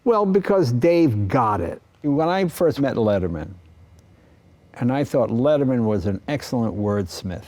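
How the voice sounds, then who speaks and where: Older male guest, mellow tone, lively storyteller who acts out quotes. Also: mid-range voice, unhurried. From East Coast of the US. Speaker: interview guest. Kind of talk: anecdotal interview talk.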